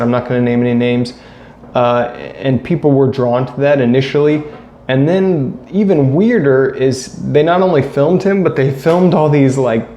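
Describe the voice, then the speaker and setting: A man's voice: mid-range voice, dark tone. A man in a casual, blunt rant to camera, criticizing and repeating his points. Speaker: vlogger. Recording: echoey room with faint ambient noise.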